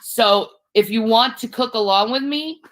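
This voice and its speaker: A woman's voice: on the high side, unhurried. A woman casually chatting to her livestream viewers while cooking.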